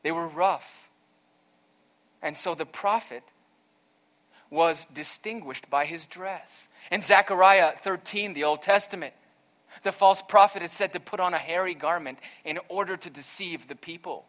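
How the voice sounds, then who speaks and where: A pastor preaching an earnest, emphatic sermon, weaving in a storytelling aside. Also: male voice, high voice, measured pace, a bit bright.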